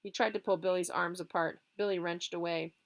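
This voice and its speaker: A woman, a teacher, reading a children's novel aloud in a lively, expressive way. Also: lowish voice, brisk, vocal fry.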